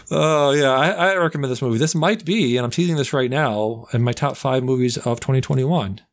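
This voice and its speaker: A young man casually reviewing movies on a podcast, rambling and slipping into loud, comic put-on accents. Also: mid-range voice. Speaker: podcast host.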